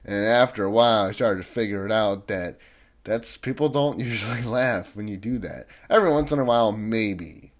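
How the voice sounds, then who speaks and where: A man's voice: lowish voice, moderate pace. A young man vlogging, ranting in a rambling, irritated way with many restarts and fillers. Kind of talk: casual ranting monologue.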